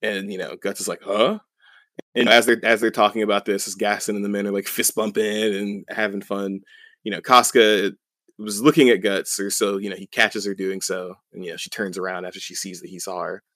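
Rambling young man with a low voice. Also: little pitch movement, fairly quick, bright, forceful tone, no echo. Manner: rambling, filler-heavy, chuckling. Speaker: podcast co-host. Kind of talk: casual story recap.

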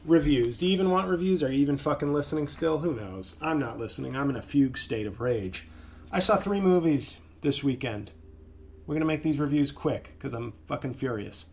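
A man who hosts a comedy podcast, ranting angrily and profanely, stumbling over his words as his voice swings from loud outbursts to low mutters. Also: animated, fairly quick, vocal fry. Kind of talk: solo podcast rant.

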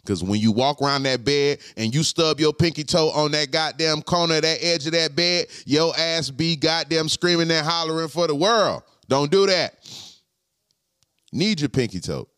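A man hosting a podcast, talking to his live chat in a slangy, profane way and repeating his points slowly. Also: fairly high pitch, expressive, a bit bright, smooth, dry recording, studio quality. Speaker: podcast host. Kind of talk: casual live-stream chat.

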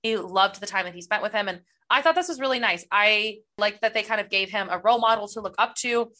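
Bright, gushing young woman. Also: medium pitch, fast. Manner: enthusiastic, gushing, fillers like "like". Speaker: podcast co-host. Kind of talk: casual chat.

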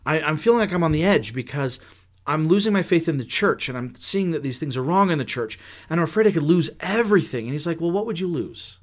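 A man's voice: on the high side, animated, fast. A man in a casual podcast conversation, earnestly telling a personal story and acting out the people in it. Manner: earnest storyteller who acts out the people he quotes. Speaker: podcast guest.

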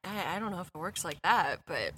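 A woman chatting casually as a player in a tabletop role-playing game, quick and questioning. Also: lowish voice, very animated, sharp tone, slightly rough.

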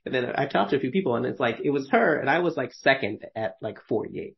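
Rambling, laughing podcast host with gravelly voice. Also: male voice, mid-range voice, expressive, fast talker, dull audio. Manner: rambling, laughing often, many fillers and restarts. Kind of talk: casual conversational storytelling.

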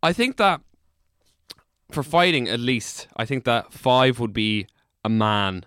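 A man's voice: mid-range voice, lively intonation, slow pace, a bit bright, clear, resonant tone, no echo, studio quality. A man with a Dublin Irish accent, co-hosting a podcast in casual, rambling, jokey banter. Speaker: podcast co-host. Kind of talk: casual chat.

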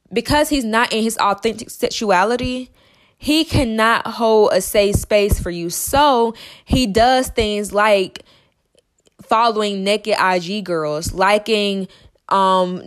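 Emphatic fast-talking woman podcaster. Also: medium pitch. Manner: emphatic and repetitive, fast with stutters. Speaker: podcast host. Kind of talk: podcast monologue.

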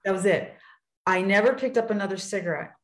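A woman guest shares personal stories with earnest warmth in a casual, faith-tinged conversation, acting out the voices of people she quotes. Her medium-pitched voice moves fairly quickly, and the room echoes.

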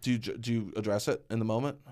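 A man from Staten Island co-hosting a casual chat, teasing and animated with bursts of laughter. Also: lowish voice, fast talker. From Staten Island, New York. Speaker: podcast co-host.

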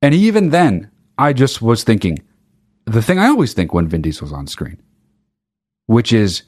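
Man, podcast host, sarcastic rant, swearing, lively swings in pitch, low voice. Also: moderate pace. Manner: profane, sarcastic, rambling. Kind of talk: comedic rant.

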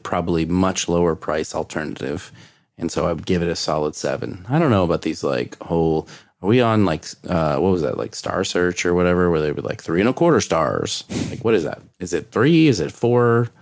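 Deep-voiced joking man co-host. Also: moderate pace, a little mellow, dry recording. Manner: joking, chatty. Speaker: podcast co-host. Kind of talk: casual whiskey-tasting chat.

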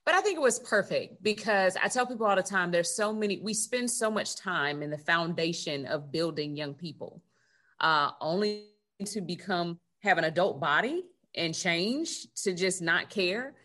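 A woman's voice: on the low side, animated, normal speed, fairly bright tone. A woman hosting a podcast as a coach, speaking earnestly and affirmingly, stacking points into lists. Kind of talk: casual interview chat.

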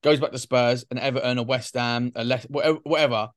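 A man's voice: mid-range voice, steady tone, quick pace, no room sound, clean studio sound. A man hosting a podcast, chatting and joking about football. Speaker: podcast host. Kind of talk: casual football chat.

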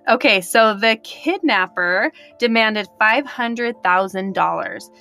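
A woman's voice: mid-range voice, slow, pushed and bright, faint music behind. A woman co-hosting a true crime podcast, explaining the case in a casual, chatty way. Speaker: podcast co-host.

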